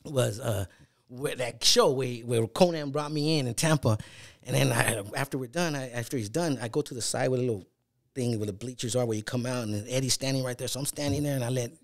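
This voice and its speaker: A middle-aged man with a mid-range, creaky voice talks a little fast as a guest telling stories. The storytelling is casual and profane, with frequent swearing, and he acts out the voices of the people he quotes.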